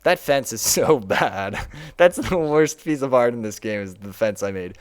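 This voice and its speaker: A man's voice: mid-range voice, expressive, moderate pace, clear, resonant tone. A young man casually walking through his own game on a live stream, chatty and laughing often.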